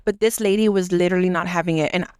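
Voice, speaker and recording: A young adult woman telling a work story in casual chat, animated, acting out quotes and saying "like" a lot. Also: on the low side, racing, clear, resonant tone, no echo, clean studio sound. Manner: animated, acts out quotes, heavy use of "like". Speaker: podcast co-host; restaurant manager.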